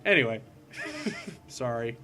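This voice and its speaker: A man's voice: mid-range voice, lively intonation, slow pace, bright, forceful tone, faint music behind. A man hosting a casual let's-play, rambling and goofy and poking fun at himself while he plays a puzzle platformer. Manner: goofy, rambling, self-deprecating. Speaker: gaming video host.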